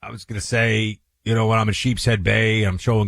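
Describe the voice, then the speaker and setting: A man co-hosting a radio talk show, joking in casual banter with his pitch jumping up often. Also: steady tone, a little fast, vocal fry, few pauses, a bit bright, no echo, studio quality. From Northeastern United States. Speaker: radio co-host. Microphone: studio microphone.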